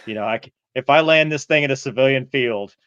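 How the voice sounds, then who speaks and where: A man's voice: mid-range voice, fast, a bit bright, smooth, dry recording, lo-fi sound. A middle-aged man co-hosting a podcast, telling a flying story and acting out the radio calls. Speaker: podcast co-host, former fighter pilot. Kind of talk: casual storytelling chat.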